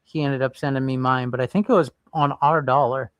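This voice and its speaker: A man's voice: mid-range voice, steady tone, fairly quick, fairly bright tone, dry recording. A man hosting a casual livestream, rambling and thinking aloud while browsing and chatting with viewers. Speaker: livestream host.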